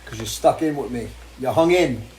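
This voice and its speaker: Male host, casual and crude porch chat, mid-pitched, faint background ambience. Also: animated, normal speed, background noise. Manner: crude, joking, talks to his dogs. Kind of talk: casual live-stream chat. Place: home porch.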